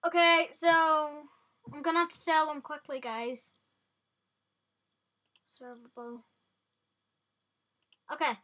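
Bright, high woman chatting excitedly through a game to her viewers. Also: moderate pace. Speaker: vlogger. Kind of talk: casual gameplay commentary.

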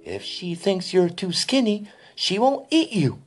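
Clever young storybook girl, urgent and high, a man voicing her. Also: big pitch swings, measured pace, over music.

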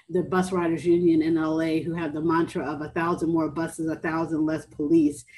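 Briefing speaker, female, lower register, rushed delivery full of self-corrections, light room noise. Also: a little mellow, low-quality recording. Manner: fast, with many restarts and fillers. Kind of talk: policy briefing talk.

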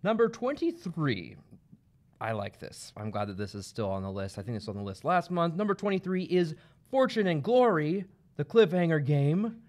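A man's voice: a little high, big pitch swings, moderate pace, a little mellow. A man hosting a livestream, running through a list of best-selling games in an upbeat, joking way. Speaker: host. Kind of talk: livestream product rundown.

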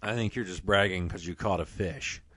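A man's voice: low voice, moderate pace, crowd noise. A man hosting a fishing podcast, chatting casually and joking, with lots of fillers, and reading sponsor plugs. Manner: joking, rambling, many "uh" fillers. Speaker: podcast host. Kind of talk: casual podcast chat with ad reads.

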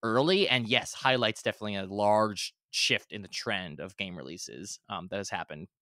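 A man's voice: lowish voice, normal speed, sharp tone, dry recording, studio quality. A man co-hosting a gaming podcast, talking casually and enthusiastically, often restarting and correcting himself. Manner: rambling, self-correcting, enthusiastic. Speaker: podcast co-host. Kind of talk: casual chat.

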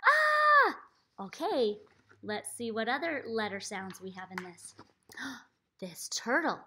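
A woman's voice: medium pitch, animated, a little slow, fairly bright tone, a little hiss or hum. A woman reading a phonics book aloud to young children, acting out letter sounds with big playful leaps in her voice. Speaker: reading teacher. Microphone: laptop computer.

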